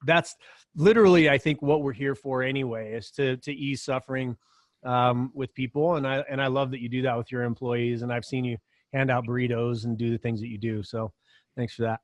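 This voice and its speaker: A man's voice: mid-range voice, fairly even intonation, brisk, no room sound, clean studio sound. A man hosting a casual podcast chat, earnest and affirming toward his guests. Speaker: host.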